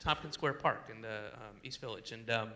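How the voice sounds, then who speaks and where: A man doing stand-up comedy on stage, animated and incredulous, with rambling asides. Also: mid-range voice, fairly quick. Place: comedy stage before a live audience.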